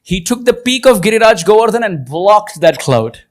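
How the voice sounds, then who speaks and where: A man giving a devotional lecture to an audience, expressive, slowing to chant verses. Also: high voice. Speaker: spiritual lecturer.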